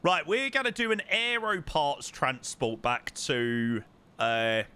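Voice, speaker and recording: A man's voice: a little high, slow pace, pushed and bright, clear, resonant tone. A young man chatting casually to his live-stream chat while flying a simulator, repeating words for emphasis. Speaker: livestreamer.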